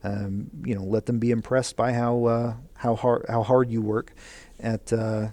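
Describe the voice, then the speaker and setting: A man's voice: medium pitch, flat delivery, measured pace, mellow. A male teacher recording class instructions, rambling with many fillers, earnest and encouraging.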